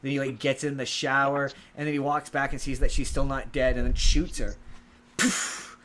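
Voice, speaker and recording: A man's voice: medium pitch, level tone, a little fast, a bit bright, rough recording. Rambling man recapping a movie. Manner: rambling, many restarts and filler ums, acts out quotes. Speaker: podcast co-host. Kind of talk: casual podcast chat, recapping a movie.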